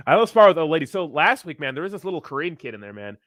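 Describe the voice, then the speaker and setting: Fairly high-pitched and animated, this thirtysomething crypto streamer talks fairly quickly as he reads chat, keeping things rambling, profane and laid-back with frequent laughs. The recording has no echo and is studio quality.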